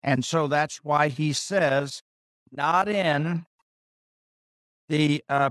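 A man teaching through a Bible passage verse by verse, deliberate and pausing, repeating key phrases for emphasis. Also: a little high, fairly even intonation, a bit bright, no echo, clean studio sound. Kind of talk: slow expository Bible teaching.

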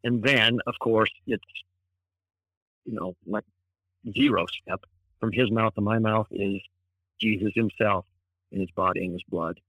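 A man's voice: lowish voice, steady tone, unhurried, long pauses, fairly bright tone, no room sound, poor audio. A male pastor, a guest on a radio show, explaining a Bible passage with enthusiasm and thoughtful restarts. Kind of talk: Bible teaching in conversation.

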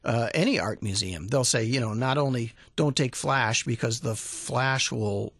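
A man, a museum director, talking as a guest in a radio studio interview, halting with many fillers and restarts. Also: mid-range voice, vocal fry, a bit bright, dry recording. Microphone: studio microphone.

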